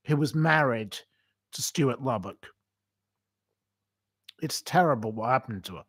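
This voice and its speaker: A man's voice: a little high, animated, measured pace, long pauses. A man hosting a live stream, answering viewer comments in an emotional, indignant rant that repeats itself. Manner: indignant, ranting, repeats himself.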